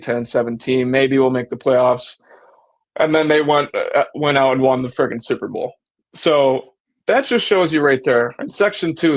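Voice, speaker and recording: A man hosting a casual sports fan show, talking animatedly and slipping into mock voices when he quotes people. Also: medium pitch. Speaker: sports podcast host.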